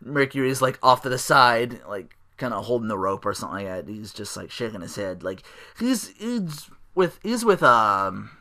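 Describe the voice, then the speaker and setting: A man's voice: medium pitch, big pitch swings, moderate pace, sharp tone. A man hosting a solo podcast, rambling casually with lots of fillers and restarts. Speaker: podcast host.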